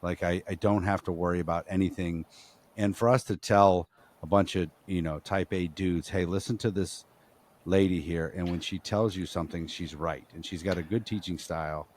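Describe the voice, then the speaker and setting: Very deep-voiced man co-hosting a podcast. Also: steady tone, normal speed, a little mellow. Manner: rambling, frequent fillers and restarts, profane. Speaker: podcast co-host. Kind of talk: casual podcast chat.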